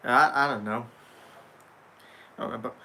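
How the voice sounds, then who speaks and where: Young male streamer, bright tone, sarcastic casual banter with chat. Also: mid-range voice, fairly even intonation, moderate pace. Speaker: livestream host reading chat.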